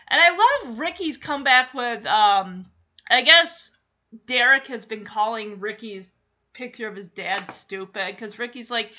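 A woman's voice: on the high side, a little slow, bright, forceful tone, highs cut off. A woman host chatting casually as she recaps a TV episode, with lots of "like" and light laughs. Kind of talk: casual chat.

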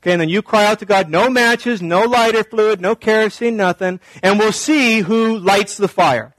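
Sarcastic taunting prophet, high voice, dry sound, put on by a preacher in his sermon. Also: moderate pace, fairly bright tone, no room sound, poor audio. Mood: defiant. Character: bold mocking male prophet taunting rivals.

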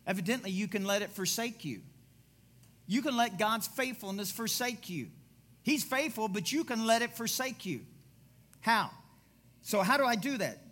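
A man's voice: high-pitched, lively intonation, normal speed, long pauses, fairly bright tone. A middle-aged man pastor preaching a sermon with a personal story, rambling and digressive, repeating himself for emphasis.

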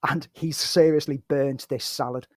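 A man's voice: medium pitch, fairly even intonation, moderate pace, no echo, clean studio sound. A man co-hosting a film podcast, wry and sarcastic, laughing often in casual chat. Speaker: podcast co-host.

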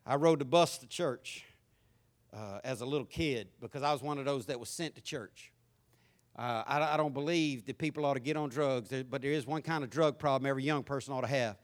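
A man in his fifties with a Southern accent, preaching a sermon and telling his own story in a folksy, animated way, swinging from loud to quiet. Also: mid-range voice, a little fast. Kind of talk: sermon with personal testimony.

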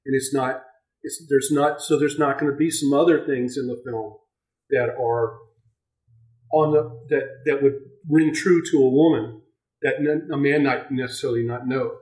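Halting man, distant and echoey. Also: mid-range voice, fairly even intonation, darkish tone. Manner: halting, many restarts. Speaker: podcast co-host. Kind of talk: casual film review chat. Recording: echoey room, voice off-mic.

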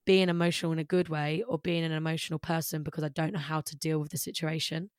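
A woman's voice: low-pitched, little pitch movement, fast talker, dry recording, studio quality. A young British woman, a musician guest, talking openly and rambling about her life, with many "like"s. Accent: British English. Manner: open, rambling, says "like" often. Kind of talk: candid personal conversation.

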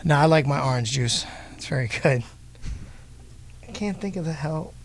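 Man, podcast host, teasing, fairly high voice. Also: expressive, normal speed, creaky. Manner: teasing, joking. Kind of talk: casual chat.

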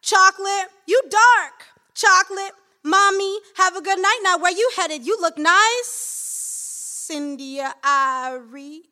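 Loud sing-song street catcaller, a woman performing him. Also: very high-pitched, slow, voice pushed up, exaggerated voice. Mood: flirtatious. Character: brash flirting male street catcaller. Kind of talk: performed spoken-word poem.

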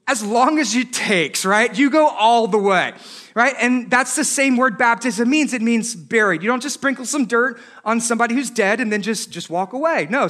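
A married man preaching a sermon as pastor, animated, with joking asides and rhetorical questions. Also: very high-pitched. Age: adult, married.

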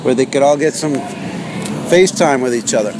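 A man's voice: mid-range voice, moderate pace. Sarcastic man ranting while driving. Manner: rambling, sarcastic, self-mocking. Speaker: podcast host. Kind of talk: solo podcast rant. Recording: car with road noise behind.

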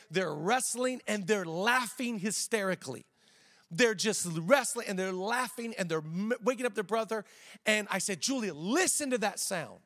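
A man in his thirties preaching a sermon as a pastor, energetic, slowing down to stress key lines and tossing in joking asides. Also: sits high, in a large hall. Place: church auditorium.

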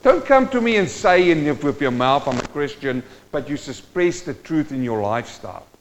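A male preacher giving a sermon, moving between quiet teaching and loud, impassioned exhortation and speaking straight to his listeners. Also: fairly high pitch, expressive, moderate pace, slight background noise. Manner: addresses the congregation directly. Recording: dull sound with long hall reverb.

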